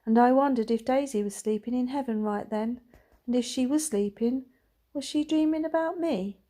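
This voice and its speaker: A woman reads a novel aloud with a gentle, quiet delivery. Her voice is mellow and warm, and she keeps an even storytelling manner. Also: fairly high pitch, normal speed. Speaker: reader.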